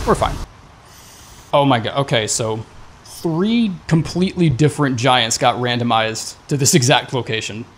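A man's voice: medium pitch, a little hiss or hum. A young man giving casual, profane commentary over a game, talking back at enemies with sarcasm and stammered restarts. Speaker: gaming YouTuber.

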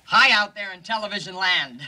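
Man doing a giggly TV host pitchman, bright voice, stumbling ad patter, 1950s comedy. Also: fairly quick, slight background noise, poor audio. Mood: giddy. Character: giggly male TV movie host selling cigarettes.

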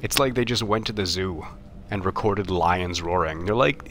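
Young male streamer, low voice, rambling and self-deprecating; noise under the recording. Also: a bit bright. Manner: rambling, self-mocking, halting. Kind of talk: live game commentary.

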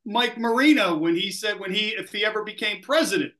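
A man co-hosting a talk show, chatting with a halting, filler-heavy manner. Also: high voice, pushed and bright. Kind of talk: casual chat.

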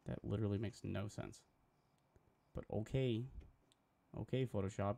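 A man's voice: on the low side, steady tone, moderate pace, creaky, pauses often, warm tone. A young man streaming live as he designs graphics, talking to himself in a casual, profane way and getting easily frustrated.

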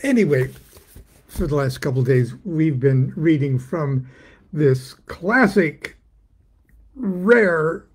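Slow, husky older man hosting. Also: on the high side, lively intonation, darkish tone. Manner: slow, easygoing, dry humor. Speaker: host. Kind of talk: casual chat.

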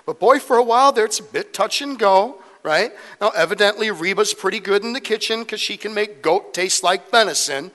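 A man teaches scripture from the pulpit with a slightly raised, lively pitch. He reads the verses, then breaks into casual, humorous asides. The long reverb of a church hall trails each phrase. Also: fairly quick, few pauses. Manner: conversational, joking asides between scripture readings. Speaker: pastor. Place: church sanctuary.

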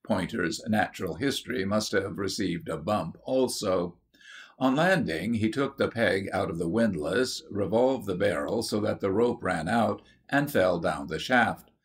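A man narrating a children's story from an audiobook in a measured storytelling manner. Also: low-pitched, lively intonation. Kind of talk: scripted narration.

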